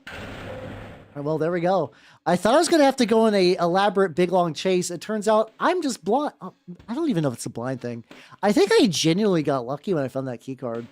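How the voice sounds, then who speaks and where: A woman streaming a video game playthrough, talking excitedly, swearing freely, and rambling in asides. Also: lowish voice, fairly quick. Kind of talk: live gameplay commentary.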